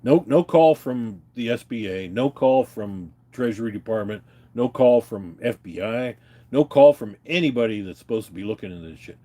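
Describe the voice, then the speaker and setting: A man's voice: mid-range voice, animated, moderate pace, warm tone. Man ranting profanely to his viewers. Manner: agitated, profane, ranting and telling stories to viewers. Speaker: livestreamer answering chat. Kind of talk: unscripted live rant.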